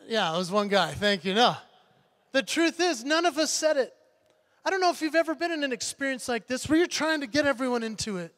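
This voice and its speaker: A motivational speaker, a man, telling an animated story on stage and acting out the voices. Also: very high-pitched, fairly quick. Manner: animated, acts out voices, builds to punchlines. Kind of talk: keynote storytelling speech. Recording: long hall reverb.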